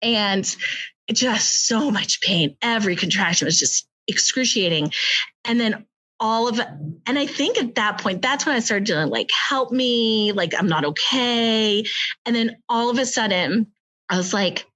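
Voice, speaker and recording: A woman in her thirties with an American accent, telling her birth story in casual podcast chat, animated and laughing, full of fillers. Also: mid-range voice, unhurried, dull audio. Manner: animated, many fillers, acts out quotes with laughter.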